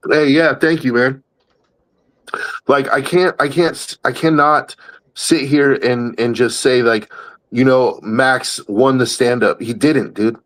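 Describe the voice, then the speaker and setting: A man's voice: mid-range voice, fairly even intonation, slow pace, fairly bright tone, low-quality recording. A man co-hosting a podcast in casual chat, talking bluntly and emphatically, swearing freely. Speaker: podcast co-host.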